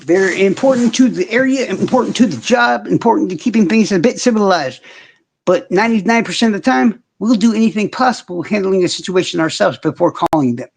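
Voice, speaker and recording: A man's voice: high-pitched, lively intonation, a little fast, vocal fry, breathy edge. A man hosting a casual livestream, ranting in heavy profanity and answering viewers' comments directly. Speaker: livestream host.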